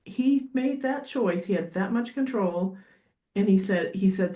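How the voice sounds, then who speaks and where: Woman dog behaviorist on a podcast, lively, acts stuff out, echoey room. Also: mid-range voice. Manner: animated, acts out dogs and owners in quick asides. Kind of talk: podcast interview conversation. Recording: roomy echo.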